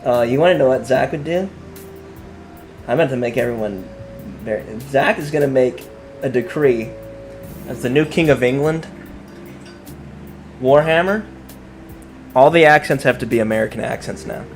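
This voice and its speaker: A man's voice: medium pitch, normal speed, pauses often, faint music behind. A man casually chatting on a live stream as he paints miniatures, joking and rambling as he thinks aloud.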